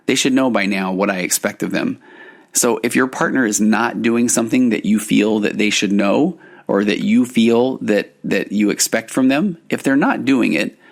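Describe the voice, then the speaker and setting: Gravelly low-voiced male podcast host. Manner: earnest, explanatory, often restarting phrases. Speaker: podcast host and marriage therapist. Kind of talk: solo podcast teaching.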